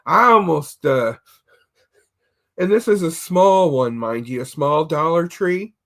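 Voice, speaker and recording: A man's voice: a little high, animated, slow, fairly bright tone. A man on a casual streamed podcast chat, telling rambling comic stories and stumbling over repeated words. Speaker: podcast co-host.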